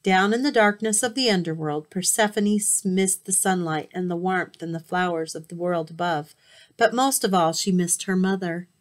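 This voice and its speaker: A woman reads a myth aloud in a storybook manner, her voice sitting a little low. She is expressive and now and then trips over a word and restarts. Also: normal speed. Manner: expressive, occasional slips and restarts. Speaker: teacher reading aloud.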